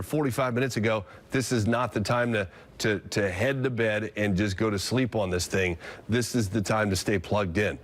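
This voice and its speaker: Low-voiced man calling live storm radar. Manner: explanatory, thinking aloud with fillers and restarts. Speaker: TV meteorologist. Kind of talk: live severe weather coverage.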